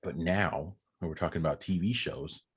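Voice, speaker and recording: Young male podcast host, low husky voice, playful banter. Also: normal speed. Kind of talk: casual chat.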